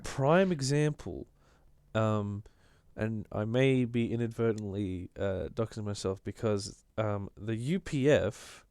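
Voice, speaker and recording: An Australian man co-hosting a political podcast, talking in an animated, casual way and often restarting his sentences. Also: fairly low pitch, slow pace, smooth, no echo. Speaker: podcast co-host.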